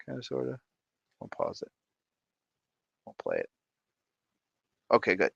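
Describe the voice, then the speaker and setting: A man's voice: fairly low pitch, wildly swooping pitch, unhurried, gravelly, a bit bright, no echo, dull audio. A man in his thirties hosting a casual live stream, playful and sing-song as he greets viewers by name, sounding tired. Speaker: livestream host.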